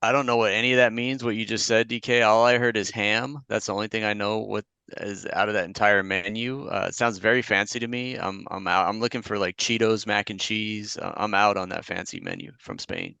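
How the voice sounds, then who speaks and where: Laid-back guy on a sports podcast, low raspy fry voice, plainspoken, dry close mic. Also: fairly quick, few pauses, sharp tone, no room sound. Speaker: podcast co-host. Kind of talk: casual sports banter. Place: Long Beach.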